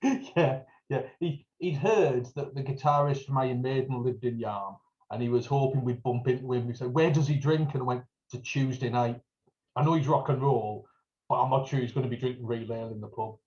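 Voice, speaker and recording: A man's voice: mid-range voice, a little fast, a little mellow. Chatty North East English man, lo-fi. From North East England. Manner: storytelling, jokey, acts out greetings in a raised voice. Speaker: podcast co-host. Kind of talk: casual chat.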